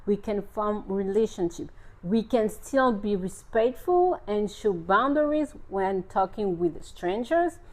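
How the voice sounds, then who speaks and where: A woman's voice: medium pitch, slow. A woman vlogger casually telling a personal story about everyday encounters. She talks in short bursts with fillers and loose grammar, and breaks into incredulous exclamations as she replays the conversation. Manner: expressive storyteller who replays her own disbelieving exclamations. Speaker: family and parenting vlogger.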